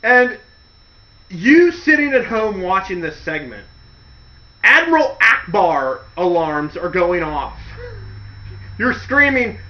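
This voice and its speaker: A man's voice: high voice, big pitch swings, slow, pauses often, bright, forceful tone. A man telling a wrestling story in a casual monologue, acting out the quotes with mocking voices. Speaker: wrestling commentary host. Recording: dull lo-fi audio.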